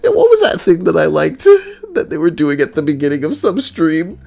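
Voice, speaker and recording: A man's voice: fairly high pitch, huge pitch swings, fairly quick, creaky, darkish tone. Male streamer chatting casually; joking, rambling, swoops up and down.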